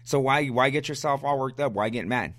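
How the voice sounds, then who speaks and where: A man in the middle pitch range talks fast and fired up on a fan podcast, blunt and repetitive, often stammering on restarts. The sound is close and dry, with no room around it. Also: fairly bright tone, no echo. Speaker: sports podcast host. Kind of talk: casual fan commentary, answering listener questions.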